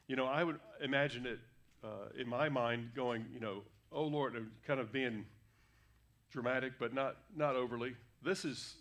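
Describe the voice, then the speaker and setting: Man, sermon, conversational, fillers and self-corrections, mid-pitched voice, church. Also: fairly bright tone. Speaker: guest preacher. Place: church sanctuary.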